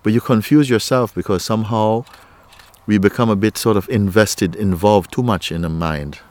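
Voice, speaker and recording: Male spiritual teacher, lowish voice, gentle and playful, laughs often, nonstandard grammar in English. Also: moderate pace. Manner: gentle, playful, laughs often, repeats "you see" and "huh".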